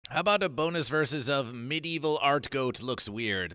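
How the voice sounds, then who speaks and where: A man's voice: medium pitch, expressive, moderate pace, pushed and bright, clear, resonant tone, no echo, clean studio sound. A man hosting an absurdist comedy stream, talking in a theatrical, repetitive, chanting way. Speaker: host.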